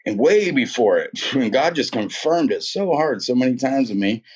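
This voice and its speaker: Man, mid-pitched and husky, telling a personal testimony in a loose, slangy, emphatic manner. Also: lively intonation, normal speed. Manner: slangy and emphatic, repeats words, calls listener "man" and "dude". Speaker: guest sharing a faith testimony. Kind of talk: casual storytelling testimony.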